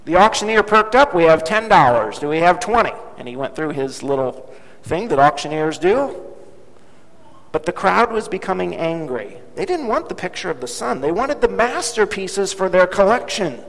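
Animated high-voiced preacher in a hall. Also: male voice, moderate pace, gravelly. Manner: dramatic, emphatic repetition. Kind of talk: sermon with storytelling. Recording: long hall reverb.

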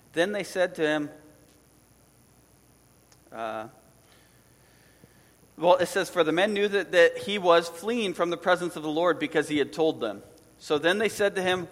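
Animated preacher man in a reverberant hall. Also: fairly high pitch. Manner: animated, conversational preaching with asides. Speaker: pastor. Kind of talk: sermon.

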